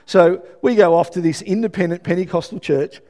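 Middle-aged Australian preacher, lively testimony-style sermon, acts out quotes, fairly high voice. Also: male voice, fairly quick. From Melbourne, Australia. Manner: lively storytelling with acted-out quotes and asides.

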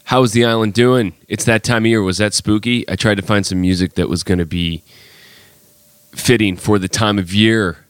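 A man's voice: fairly low pitch, steady tone, moderate pace, clean tone, no room sound. A man hosting a casual podcast, sick with a cold, telling his story in a chatty, exasperated way. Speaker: podcast host.

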